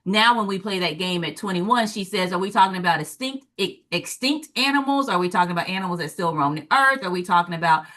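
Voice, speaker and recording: A woman's voice: quick pace, few pauses. A woman in her forties from the American South, a former teacher and parent, telling stories on a talk show and acting out the quotes. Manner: animated storyteller, acts out quotes with big pitch jumps. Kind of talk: storytelling in a talk show discussion.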